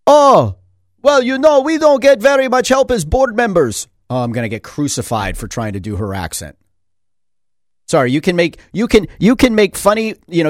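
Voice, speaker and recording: A man delivering a sarcastic commentary monologue, firing off rhetorical questions and answering them himself. His slightly higher voice rises and falls dramatically. The recording is dry and close. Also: dry recording. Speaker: school board member and commentator.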